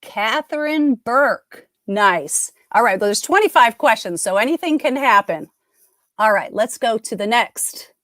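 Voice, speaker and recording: A woman's voice: a little high, expressive, a little slow, fairly bright tone, dry recording, clean studio sound. A middle-aged woman hosting a live trivia game, chatting casually and upbeat, often breaking off mid-sentence. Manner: chatty, upbeat, self-interrupting. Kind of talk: casual live-stream chat.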